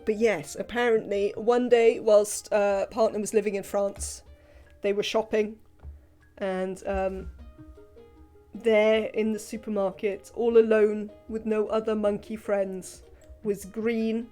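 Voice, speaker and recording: A woman's voice: mid-range voice, level tone, takes it slowly, dark tone, soft background music. Chatty woman streaming a game. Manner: rambling, chatty, frequent fillers. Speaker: livestreamer. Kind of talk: casual live gameplay commentary.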